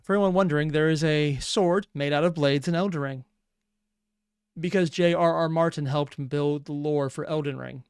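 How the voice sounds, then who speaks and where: A man hosting a reaction video, chatting casually with rambling, excitable asides. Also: a little high, moderate pace, clean tone, no room sound, studio quality. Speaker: reaction channel host.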